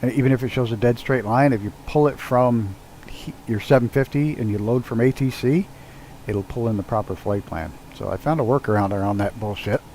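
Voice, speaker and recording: A man's voice: mid-range voice, brisk, a little mellow, slight background noise, low-quality recording. Casual male streamer, mid-range voice, loose and profane, narrating his own flying to viewers. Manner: loose, swears freely, chats with viewers while doing cockpit tasks. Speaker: live streamer. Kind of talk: casual live-stream chat while flying a flight sim. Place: at home with his dog nearby.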